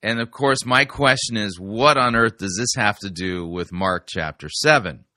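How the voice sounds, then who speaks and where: Skeptical bright-voiced male commentator. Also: lowish voice, moderate pace, no echo. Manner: dry and skeptical. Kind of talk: critical commentary.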